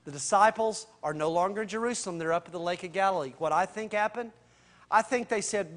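A man preaching a sermon in a conversational, slangy way, swinging between loud and hushed. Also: sits high, a little fast. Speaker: pastor.

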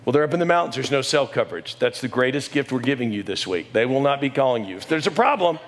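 A middle-aged man, a pastor and coach, preaching a sermon with animated storytelling and sudden raised exclamations. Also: medium pitch, quick pace. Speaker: pastor and high school coach.

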